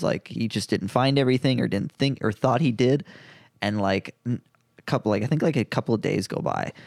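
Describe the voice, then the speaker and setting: Gravelly podcast co-host, man, dry close sound, loose rambling storyteller. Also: medium pitch, darkish tone, dry recording. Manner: rambling storyteller, many fillers, laughs often. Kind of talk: casual chat.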